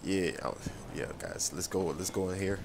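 A young man giving casual, slangy role-play commentary over a game, excitable, with sudden high whoops and yelps. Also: moderate pace, creaky, crowd noise. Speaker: gaming YouTuber.

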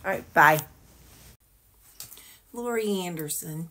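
A woman's voice: lowish voice, measured pace. Rambling woman. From Missouri. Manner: rambling, many fillers and asides. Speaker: vlogger. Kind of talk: casual chat to camera. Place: her home.

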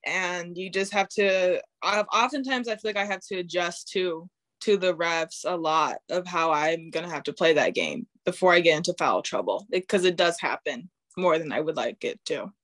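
A teenage girl, a high school basketball player, answering interview questions candidly and laughing as she acts out her thoughts on the court. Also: moderate pace, fairly bright tone, no room sound. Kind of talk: casual interview.

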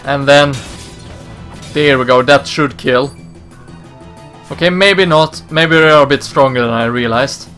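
A man's voice: medium pitch, measured pace, pauses often, fairly bright tone, soft background music. A man casually commenting on his gameplay in a chatty way, reading dialogue aloud in voices. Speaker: let's play host.

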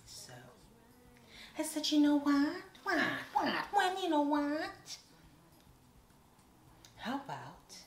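A woman from an island, telling a casual storytime with playful, animated asides. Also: lowish voice, a little hiss or hum. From Caribbean island. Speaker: vlogger. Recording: echoey room.

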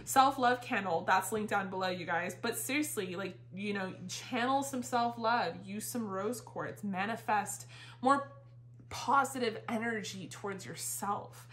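A woman's voice: medium pitch, unhurried, a bit bright. A woman giving a casual, rambling tarot reading, a little out of breath, with lots of fillers and the odd swear word. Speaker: tarot reader. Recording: roomy echo.

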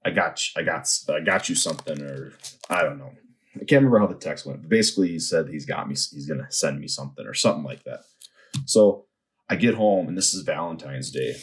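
Deep-voiced guy rambling through a story and opening packs, gets super animated, little bit of hiss. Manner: rambling, animated retelling with excited outbursts. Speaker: card-opening YouTuber. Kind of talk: casual storytelling and pack opening.

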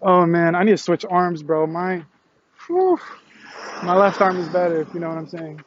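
A young male streamer walks across a campus outdoors, livestreaming from a phone on a selfie stick, hyped and laughing as he chats with passersby while sweaty and out of breath. His voice sits high with lively intonation at a moderate pace. The audio is dull with slight background noise.

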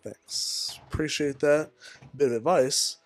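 A man's voice: fairly high pitch, slow pace. A man playing a video game while trading dry, sarcastic jokes with a friend and laughing often. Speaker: player and co-host. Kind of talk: casual gaming banter.

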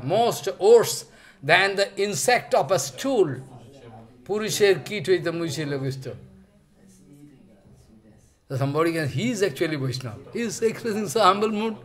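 A man giving a devotional sermon in English, telling stories emphatically and acting out the voices in them, with many "you know" fillers. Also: high-pitched. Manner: emphatic storytelling, acting out quoted voices with sudden shouts; frequent "you know" fillers, non-native English phrasing. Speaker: spiritual teacher giving a discourse.

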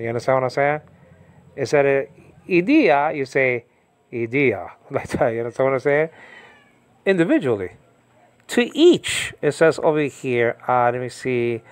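A man teaches an informal Bible lesson, rambling from point to point and often checking whether the listener is following. His voice sits at an ordinary middle pitch, and the recording is close and dry with little room sound. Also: no echo. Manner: rambling, repeats questions to listener.

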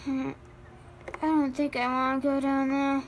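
High, slow-talking woman, halting delivery. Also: little pitch movement, slight background noise. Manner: halting, stammering, with many fillers and sighs. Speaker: voice actor for a homemade life-sim movie. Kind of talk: improvised amateur voice acting.

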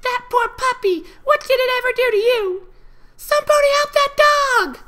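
A man voicing a group of angry young ponies in shrill, accusing shouts. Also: sing-song, unhurried, exaggerated voice. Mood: furious.

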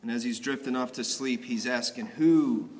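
A young man preaches at an ordination in a church sanctuary, telling the story vividly and conversationally. His medium-pitched, fairly bright voice moves fairly quickly with little pitch variation, with slight background noise and a long church reverb.

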